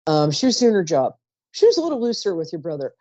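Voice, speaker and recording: A woman's voice: fairly low pitch, big pitch swings, fast talker, dry recording. Woman, psychic radio host, chatty, trails off, dull dry lo-fi sound. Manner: chatty, warm-toned asides, trails off mid-sentence. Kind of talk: live call-in psychic reading.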